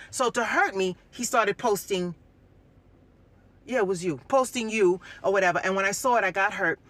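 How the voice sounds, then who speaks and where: A woman's voice: mid-range voice, normal speed, a bit bright. A woman venting bluntly and heatedly to her audience, cursing, repeating herself and mimicking what others said. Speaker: vlogger. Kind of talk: heated personal vent to camera.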